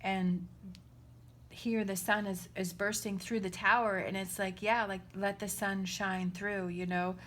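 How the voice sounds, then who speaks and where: A woman's voice: medium pitch, flat delivery, measured pace, fairly bright tone. A woman giving a casual spoken tarot reading, earnest and reassuring, often checking in with the listener. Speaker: tarot reader.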